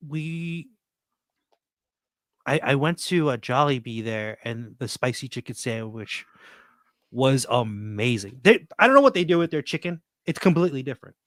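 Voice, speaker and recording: A man co-hosting a podcast, telling stories in relaxed casual chat. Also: mid-range voice, moderate pace, no room sound.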